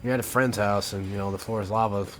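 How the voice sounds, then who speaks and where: A man's voice: lowish voice, steady tone, fast, soft background music. A man giving casual, rambling gameplay commentary with crude jokes. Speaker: let's play host.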